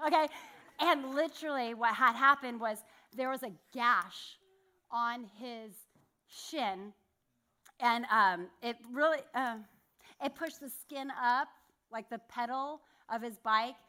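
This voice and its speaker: A woman's voice: on the high side, bright, forceful tone. A woman giving a sermon, telling a personal story in a candid, self-deprecating way with laughs. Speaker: church speaker.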